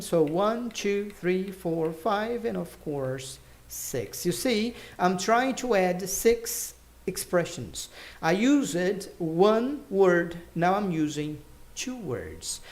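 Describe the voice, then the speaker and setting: High-voiced man teaching English. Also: darkish tone. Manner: chatty, explains slowly, counts aloud. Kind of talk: casual online English lesson.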